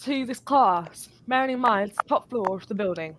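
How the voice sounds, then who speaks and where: A woman telling an animated, sweary story in a casual live chat. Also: fairly high pitch, moderate pace, slight background noise. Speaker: guest.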